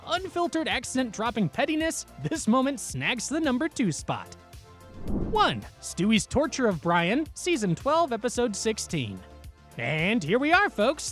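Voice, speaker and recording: A woman reading scripted countdown commentary with a sarcastic, snarky, animated delivery. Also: fairly high pitch. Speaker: commentary narrator.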